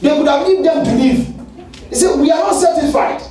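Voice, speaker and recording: Fiery high-pitched preacher in an echoey hall. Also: male voice, a little fast. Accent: Ghanaian English. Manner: fiery, shouting at peaks. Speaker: pastor. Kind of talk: sermon. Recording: echoey hall, far from the mic, light noise.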